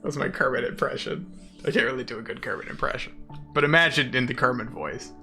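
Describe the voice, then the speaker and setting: A man's voice: medium pitch, fast, creaky, pushed and bright, soft background music. A man streaming a game, chatting casually and sarcastically with his chat. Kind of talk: casual chat while gaming.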